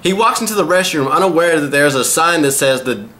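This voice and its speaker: Bright-voiced man recapping an anime episode. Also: fairly high pitch, lively intonation, brisk. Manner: crude, rambling retelling with profanity. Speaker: anime reviewer.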